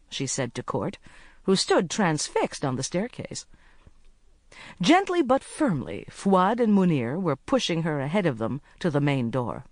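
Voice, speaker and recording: Audiobook narrator, expressive and animated, middle pitch, close studio mic, dry. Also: measured pace, no room sound. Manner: lively, expressive reading.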